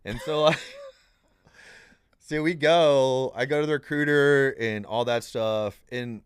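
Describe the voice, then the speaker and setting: A man's voice: mid-range voice, slow, clear, resonant tone, no echo, studio quality. A young man, a podcast guest, telling a story in a casual, rambling way, acting out the people in it and saying "dude" a lot. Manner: rambling and animated, acts out quoted voices, says "dude" often.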